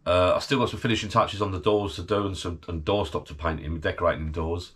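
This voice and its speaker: Husky low-voiced man chatting. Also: fairly even intonation, quick pace, a bit bright. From United Kingdom. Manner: chatty, rambling, laughs often. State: recovering from illness, tired. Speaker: channel host. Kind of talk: casual vlog chat. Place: garden bar shed.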